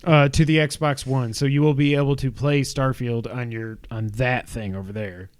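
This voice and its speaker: A man's voice: medium pitch, fairly even intonation, smooth, no echo. Chatty man reading gaming news. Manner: chatty, runs through news items with quick asides. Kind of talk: casual podcast chat.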